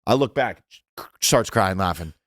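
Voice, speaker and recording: A young man hosting a podcast with his friends, talking in a low, relaxed voice. The sound is dry and close-miked. He tells stories loosely, with lots of "like," and pushes his voice up high to mimic other people. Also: measured pace, dry recording. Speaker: podcast co-host. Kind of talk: casual chat, storytelling.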